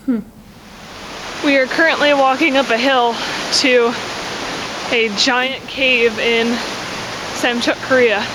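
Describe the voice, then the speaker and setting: Woman narrating over loud rushing water. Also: high voice, steady tone. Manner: chatty, describes surroundings as she walks. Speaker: travel vlogger. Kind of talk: casual on-location narration. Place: outdoors by the sea and inside a cave. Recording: loud outdoor noise of waves and rushing water. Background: waves, creek and cave waterfall.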